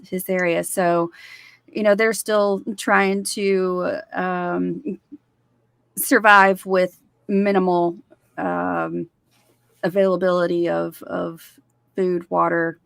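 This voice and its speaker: Low gravelly woman co-hosting a podcast. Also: level tone, slow pace, no room sound. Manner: rambling with fillers and repeated words. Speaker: podcast co-host. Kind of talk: casual chat and reading a guest bio.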